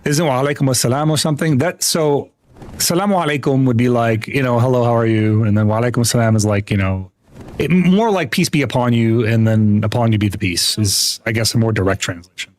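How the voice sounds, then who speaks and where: A man's voice: medium pitch, brisk, a little mellow. A young man chatting casually with viewers while livestreaming a game, rambling with lots of restarts and easy laughs. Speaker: gaming livestreamer. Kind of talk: casual chat while gaming.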